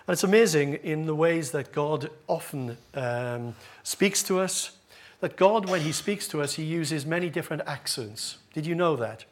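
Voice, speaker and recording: Man preaching, pastor, fairly high voice, joking about himself, church congregation. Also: expressive, moderate pace. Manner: humorous, self-deprecating preaching. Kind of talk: sermon. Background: congregation laughing.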